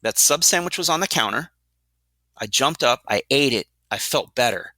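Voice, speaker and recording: A man's voice: medium pitch, expressive, normal speed, sharp tone, no echo. A man voicing a simple, sheepish dog in his own casual voice while explaining dog training.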